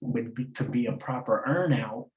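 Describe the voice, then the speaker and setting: Male host, casual lyric-breakdown commentary, mellow tone, echoey room. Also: medium pitch, moderate pace, lo-fi sound. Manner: explains by repeating lines and asking "get it?"; loose and slangy, laughs at his own points. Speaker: battle rap breakdown host.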